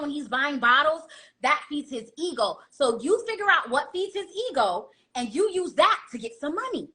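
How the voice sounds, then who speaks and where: A woman's voice: high voice, pushed and bright. A woman giving blunt dating advice in a casual monologue, lecturing and asking rhetorical questions.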